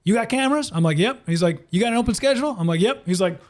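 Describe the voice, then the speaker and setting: A man's voice: high-pitched, rapid-fire. A man from Minnesota, a comedian and former radio host, telling casual stories as a podcast guest and acting out other people's lines. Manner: animated, acts out other people's lines in quoted voices. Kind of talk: casual storytelling in a podcast interview.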